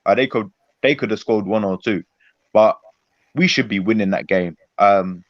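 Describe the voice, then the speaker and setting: This Arsenal supporter, a panelist, vents furiously after the match on a football chat stream, rambling and hammering his points home. He has a lowish male voice at an ordinary pace. The dull, lo-fi call audio carries no room sound.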